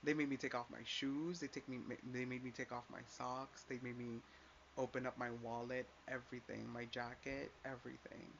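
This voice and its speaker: A man's voice: medium pitch, level tone, moderate pace, gravelly, a bit bright. Profane ranting young man. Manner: profane, emphatic, uses "like" a lot. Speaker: vlogger. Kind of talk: casual ranting storytime. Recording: slightly dull lo-fi sound with faint hiss.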